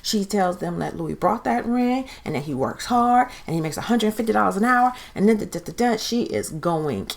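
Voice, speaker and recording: A woman's voice: mid-range voice, lively intonation, moderate pace, creaky, few pauses. A woman recapping a TV show in a casual, chatty way, giving her opinions and acting out quotes. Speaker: TV recap host.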